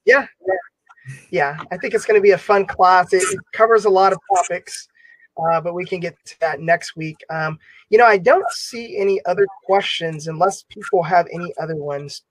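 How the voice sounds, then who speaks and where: A man's voice: sits high, moderate pace, no echo, poor audio. A man hosting an online Bible class discussion, talking casually with many fillers. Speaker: class host.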